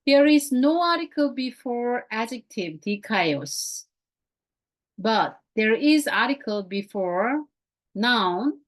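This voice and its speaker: A woman with a fairly high voice leads a grammar class at an unhurried pace. She repeats key words and phrases patiently. She speaks English as a second language, with Korean as her first. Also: animated. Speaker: Greek teacher.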